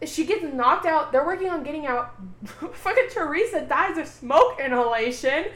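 Animated woman recapping a show, echoey room. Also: high-pitched, moderate pace. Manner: animated, swearing, acts out quotes. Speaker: podcast co-host. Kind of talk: casual recap chat.

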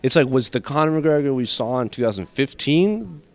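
A man, a guest journalist, giving animated, casual analysis in a roundtable. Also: mid-range voice. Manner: quick, animated analysis with fillers.

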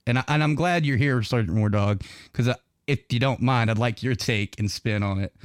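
A man's voice: mid-range voice, brisk, smooth, no room sound. Rambling Southern man, dry close mic. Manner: rambling, laughing, lots of fillers. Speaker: podcast host. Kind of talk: casual podcast chat.

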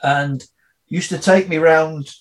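A middle-aged man with a Geordie accent, chatting as a guest on a podcast. His voice sits a touch higher than most men's. He tells long, rambling stories full of ums, restarts and little asides. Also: fairly even intonation, takes it slowly. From Northeast England. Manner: rambling anecdotes, full of fillers and restarts, acting out quoted people. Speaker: comedian guest. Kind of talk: casual podcast interview.

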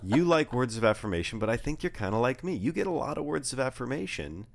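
A man's voice: mid-range voice, big pitch swings, quick pace, creaky. A young man co-hosting a casual chat, joking and rambling through stories. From Southern California. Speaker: podcast co-host.

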